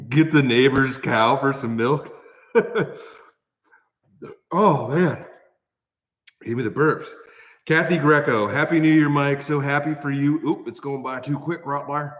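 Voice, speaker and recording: A man's voice: medium pitch, slow, pauses often. Midwestern male streamer, easygoing chat, recorded in a roomy echoing shop. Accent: Midwestern American. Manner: coughing and sighing from spicy food, thanking viewers. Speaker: livestream host. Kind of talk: casual livestream chat. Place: large new shop building. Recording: echoey reverberant shop room.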